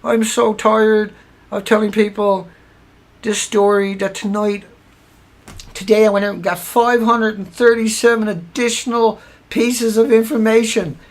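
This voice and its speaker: A man's voice: sits high, level tone, measured pace. A man hosting a livestream, tired and angry, ranting sarcastically with swearing, repeating himself and restarting sentences. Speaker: livestream host.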